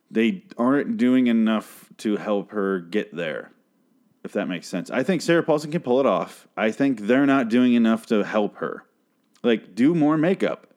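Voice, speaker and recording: Low-pitched young man, profane rambling TV reviewer, close mic. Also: darkish tone. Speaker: TV show reviewer. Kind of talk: casual solo review rant. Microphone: close podcast mic.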